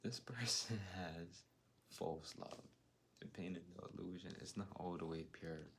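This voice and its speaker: Low gravelly guy doing a chill tarot reading for chat, slangy, kinda whispery sometimes. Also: level tone, moderate pace, a little hiss or hum. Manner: laid-back slangy talk, drifting into soft whispered asides. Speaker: tarot reader.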